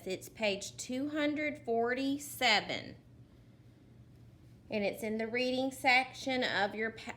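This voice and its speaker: A woman teaching a phonics lesson to young children, sounding out letters slowly and deliberately and praising often. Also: a little high, pushed and bright.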